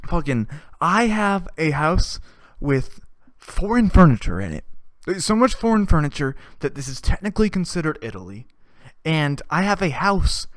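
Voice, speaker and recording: A man's voice: mid-range voice, clear, resonant tone, no echo. A young man hosting a podcast, ranting in a crude, profane and sarcastic way with mocking asides. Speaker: podcast host. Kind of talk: crude comedic rant.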